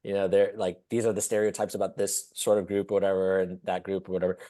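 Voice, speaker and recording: A man co-hosting a podcast, telling stories casually, laughing often and acting out quotes. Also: quick pace. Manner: animated storyteller, acts out quotes in high squeaky voices, laughs often. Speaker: podcast co-host.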